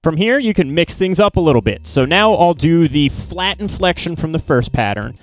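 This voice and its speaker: Relaxed man explaining drum patterns. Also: fairly high pitch, moderate pace, soft background music. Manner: relaxed, plain explaining with small slips. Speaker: drum teacher. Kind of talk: casual instructional talk.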